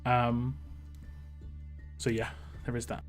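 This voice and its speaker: A young man live-streaming a mobile game, chatting casually, greeting viewers by name and getting excitable over lucky rolls. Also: medium pitch, takes it slowly, soft background music. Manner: excitable when hoping for lucky results. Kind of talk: live-stream gameplay chat.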